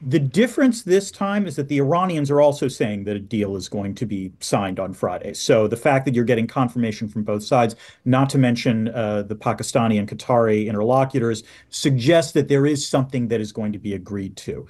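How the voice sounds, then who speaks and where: Male guest expert, analytical, measured delivery. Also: mid-range voice, a little mellow. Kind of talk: radio interview.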